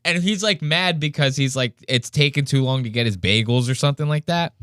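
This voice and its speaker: A man's voice: mid-range voice, brisk, smooth, dry recording. Podcast guy, swears a lot, does little voices of people, dry close mic. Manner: profane, animated, mimics people mid-story. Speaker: podcast host. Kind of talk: casual podcast chat.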